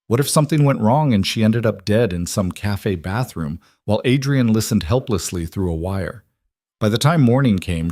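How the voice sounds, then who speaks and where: A man giving scripted narration of a romance story in a steady storytelling manner. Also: lowish voice, no echo, clean studio sound.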